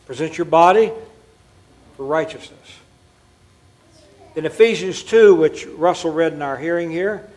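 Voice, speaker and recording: A man preaching in a church, his voice sitting high for a man. He drives his points home with emphasis and keeps turning to his listeners to make sure they follow. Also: measured pace, long pauses. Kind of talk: sermon.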